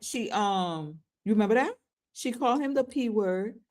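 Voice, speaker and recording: A woman's voice: mid-range voice, expressive, normal speed, a little mellow. A woman with an ordinary, mid-range voice talks casually on a podcast. She jumps in with comments and retells the story, quoting the people in it. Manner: chimes in, retells quotes. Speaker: podcast co-host. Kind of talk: casual gossip chat.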